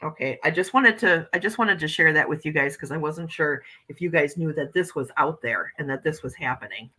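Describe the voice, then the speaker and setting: A woman's voice: low voice, brisk, sharp tone, husky, poor audio. A woman hosting a casual morning livestream, chatting with viewers and reading their comments aloud as she shows oracle card decks.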